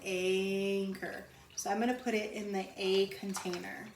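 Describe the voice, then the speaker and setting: A woman teaching a phonics lesson to young children, sounding out letters slowly and repeating each word. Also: medium pitch, level tone. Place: home. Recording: roomy echo, mic at a distance, faint background noise.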